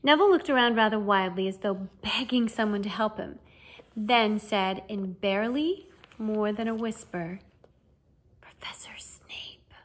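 A woman reading a children's fantasy novel aloud as an amateur audiobook. Her narration is expressive and storytelling, with a voice of middling pitch. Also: moderate pace.

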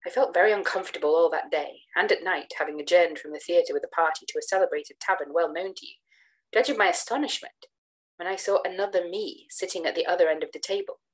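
A woman reading a gothic tale in measured, expressive first-person narration. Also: fairly low pitch, rough recording. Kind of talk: literary narration read aloud.

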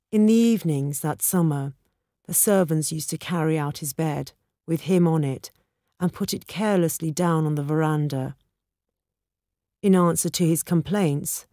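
A woman narrating a storybook in a measured, deliberate reading for English learners. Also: sits low, warm tone, no echo, clean studio sound.

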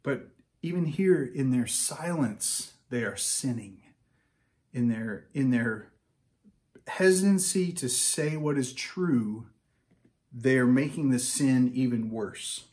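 A man preaching a casual, conversational sermon, reading scripture aloud and breaking into animated asides. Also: medium pitch, slow pace.

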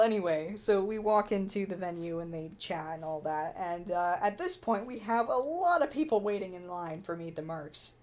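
A young woman chatting casually about her cosplay convention experiences, telling stories with lots of fillers and quoted dialogue. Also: medium pitch. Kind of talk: casual storytelling vlog.

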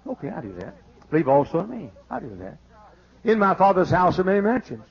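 A man preaching a fiery sermon as pastor, exclaiming and shouting praise. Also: sits high, big pitch swings, brisk, creaky, breathy edge. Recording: dull lo-fi archive sermon tape.

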